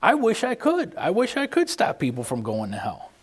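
A man preaching in an earnest, emphatic way, his voice sitting a bit higher than most men's. His pitch rises and falls a great deal as he pushes his points. He often restarts and stalls before pressing on. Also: huge pitch swings, slightly rough. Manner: earnest, emphatic, with frequent restarts and halting pauses. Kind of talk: informal sermon.

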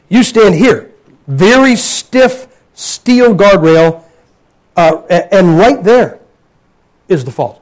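High-voiced preacher telling stories. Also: male voice, low-quality recording. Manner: folksy storytelling with humor. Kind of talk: sermon. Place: church.

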